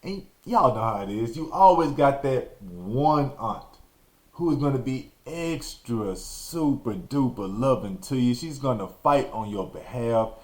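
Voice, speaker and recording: A man from Texas hosting a podcast, telling a story in an animated, slangy way and acting out the scenes. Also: medium pitch, measured pace. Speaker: podcast host. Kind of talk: storytelling monologue.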